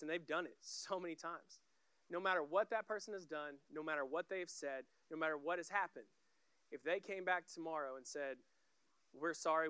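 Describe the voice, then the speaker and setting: A man preaching a sermon with a high, ringing voice and a bright, forceful edge. He speaks as a guest pastor in short, clipped phrases, as if chatting. The sound is dry and close, with no room echo. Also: smooth.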